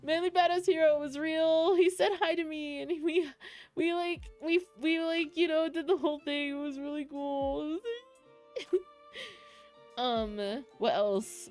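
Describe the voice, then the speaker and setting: Excitable rambling young woman streamer. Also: high voice. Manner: excitable rambling storytelling with fillers. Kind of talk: casual chat with live chat.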